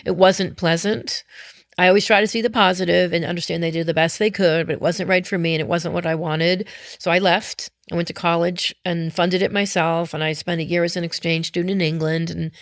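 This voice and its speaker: A woman's voice: lowish voice, fairly even intonation, a little fast, no room sound, clean studio sound. A middle-aged woman, a mother, talking earnestly and reflectively as an interview guest. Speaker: guest, mother of an autistic daughter. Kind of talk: candid interview talk.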